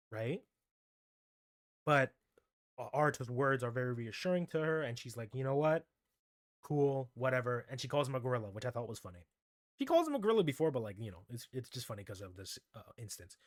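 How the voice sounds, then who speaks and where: A man at an ordinary middle pitch gives a casual, rambling recap of an anime episode. He keeps checking in with "right?" and circles back to restart his thoughts. His voice sounds close and dry, with no room echo. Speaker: anime commentary host.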